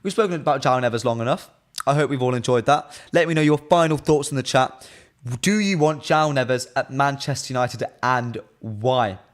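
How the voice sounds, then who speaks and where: A young man hosting a live football fan stream, talking in a loose, chatty way and giving strong opinions. His voice sits at a medium pitch. He reads viewer comments aloud, with plenty of "um"s in between. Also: moderate pace. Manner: chatty, opinionated, frequent fillers. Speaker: football fan channel presenter.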